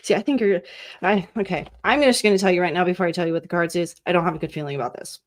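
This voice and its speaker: A woman's voice: lowish voice, rapid-fire. A woman hosting live psychic card readings. She talks to viewers in a chatty, sympathetic way, calls them honey, and reads card meanings aloud as lists. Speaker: psychic reader and channel host.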